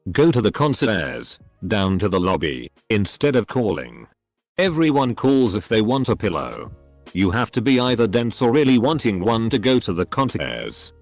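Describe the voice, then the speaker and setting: Male narrator with a lowish, animated read, faint music underneath; steady scripted delivery of online posts. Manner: even, steady reading, voices symbols and emoticons literally. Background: faint background music.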